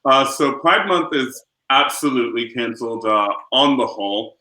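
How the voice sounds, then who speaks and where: Campy male chat host, bright tone, echoey room. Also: mid-range voice, expressive, normal speed. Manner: campy, swears casually, many filler uhs. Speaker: podcast host. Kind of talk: casual chat.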